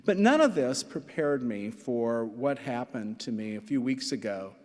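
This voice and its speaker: An older man in his sixties preaches a sermon at an unhurried pace. He tells stories with asides and repeats key phrases, his voice ringing with long reverb from a church hall. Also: mid-range voice, animated, a little mellow. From Nebraska. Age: 60s. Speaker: pastor. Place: church sanctuary.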